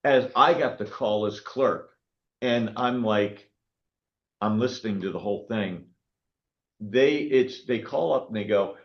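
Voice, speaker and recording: Animated man in his sixties, dull lo-fi sound. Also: lowish voice, unhurried. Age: 60s. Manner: animated storytelling, frequent "okay?" check-ins. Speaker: county clerk of court. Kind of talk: public meeting talk.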